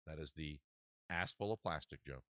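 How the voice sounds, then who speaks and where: A man's voice: very deep voice, moderate pace, bright, forceful tone, no echo, clean studio sound. A man hosting a comedy livestream, rambling and self-mocking in a casual chat style. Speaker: host.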